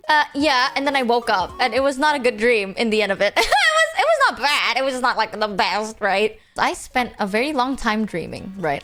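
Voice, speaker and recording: A woman streamer telling stories in casual, slang-filled stream chat, animated and quick to jump between voices. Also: fairly high pitch.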